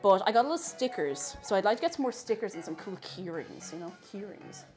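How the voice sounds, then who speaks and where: Woman, live-stream host baking at home, chatty and animated, voice swinging up and down, soft music underneath. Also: mid-range voice, fast. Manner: chatty, animated, laughs often. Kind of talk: casual live-stream chat while baking. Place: home kitchen.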